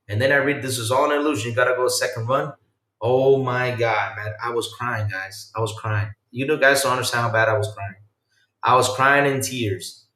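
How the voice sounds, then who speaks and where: A man hosting a casual podcast chat, telling stories in an animated way that swings from loud to quiet. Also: mid-range voice. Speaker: podcast host. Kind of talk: casual chat with a live chat audience. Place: home room. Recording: roomy sound from a distance off the mic.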